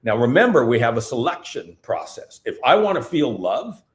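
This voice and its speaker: A man's voice: mid-range voice, normal speed, reverberant. A man speaking at a live event, emphatic and repetitive as he drives his points home. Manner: animated, repetitive, emphatic delivery. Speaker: seminar speaker. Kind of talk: live talk at a festival.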